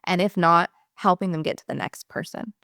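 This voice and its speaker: A woman's voice: on the low side, fairly even intonation, fairly quick, fairly bright tone, no echo, clean studio sound. A woman employment attorney explaining legal fees straight to camera in a candid, passionate way, swearing casually.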